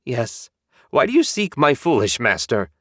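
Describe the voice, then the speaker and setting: A man's voice: medium pitch, big pitch swings, a little slow, a bit bright, dry recording, studio quality, pitched above the performer's own voice. A man voicing a bitter, sarcastic male demon servant with a grumbling, whiny manner in an audiobook. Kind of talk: audiobook character voice.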